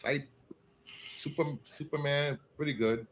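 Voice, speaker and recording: A man hosting a casual comic book podcast, animated and teasing. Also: a little high, unhurried, low-quality recording. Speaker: podcast host. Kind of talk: casual chat.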